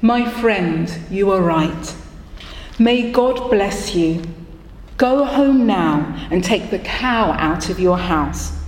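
Woman playing a calm wise old rabbi, slow gentle speech, roomy hall echo. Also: mid-range voice. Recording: echoey hall with long reverb.

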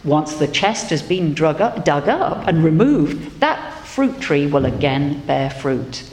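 A grave, wise divine voice, as a woman storyteller puts it on, speaking slowly and solemnly in a low register. A long hall reverb trails each phrase. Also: lively intonation, darkish tone, full character voice. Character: deep, slow, wise voice of God. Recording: echoey hall, faint noise.

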